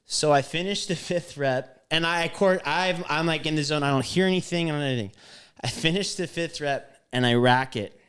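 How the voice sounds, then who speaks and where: A man co-hosting a podcast, telling a story in casual chat, animated and profane with lots of fillers. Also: fairly high pitch, fairly quick, smooth. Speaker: podcast co-host.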